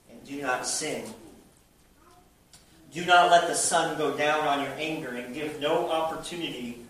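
Heard from a distance in a very echoey church sanctuary with faint noise, a pastor delivers an emphatic sermon to his congregation, packed with rhetorical questions. His voice sits on the high side and sounds a bit bright.

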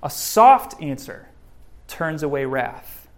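A man giving a sermon, preaching in a lively, joking way with lots of rises and drops in voice. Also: takes it slowly. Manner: lively, joking preaching, varied pitch and loudness. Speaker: pastor.

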